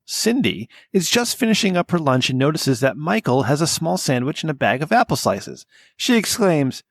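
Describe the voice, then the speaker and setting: A man hosts a loose podcast chat, his voice sitting fairly high and swinging widely in pitch as he rants and laughs. He swears freely, and the sound is dry and close, with no room around him. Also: creaky, no echo. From Italian-American. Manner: profane, animated, laughing. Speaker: podcast host.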